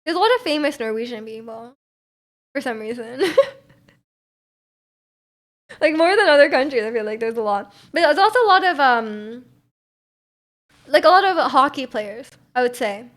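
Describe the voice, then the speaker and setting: Young woman streamer, casual rambly chat full of "like", voice a touch high. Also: lively intonation, normal speed, pauses often, a bit bright. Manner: rambling, heavy use of "like", frequent laughs.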